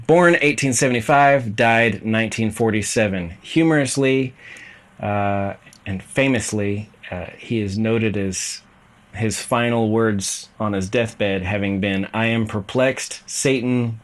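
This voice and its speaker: Man, host, casual monologue, rambling, self-deprecating, tired, somewhat low pitch.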